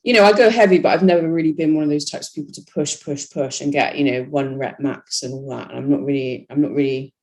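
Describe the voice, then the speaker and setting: A woman's voice: low voice, fast, hardly any pauses, a little mellow. Chatty woman, casual podcast guest. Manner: chatty, peppers talk with "you know". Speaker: wellness bodybuilding competitor, podcast guest. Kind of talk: casual chat.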